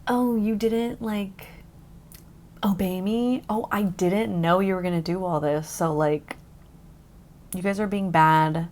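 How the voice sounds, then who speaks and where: A woman's voice: medium pitch, fairly even intonation, slow, a little mellow, lightly acted. A woman voicing a petulant, careless male God in a whiny, offhand tone.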